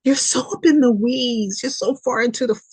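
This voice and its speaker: Husky woman pleading in a spiritual reading. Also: on the high side, normal speed. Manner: pleading, repetitive, swings between loud and soft. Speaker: podcast host, spiritual reader.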